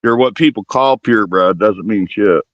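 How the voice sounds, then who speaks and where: Low-voiced breeder man, dull dry audio. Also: normal speed, no room sound. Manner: easygoing and explanatory, with many fillers. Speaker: dog breeder guest. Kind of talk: casual podcast discussion.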